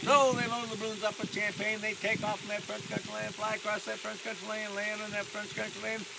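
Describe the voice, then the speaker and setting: Playful high-voiced balloon pilot telling tales. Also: male voice, gravelly, heavy background noise. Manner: playful, teasing, laughs at his own jokes. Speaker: hot air balloon pilot. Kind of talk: storytelling to passengers.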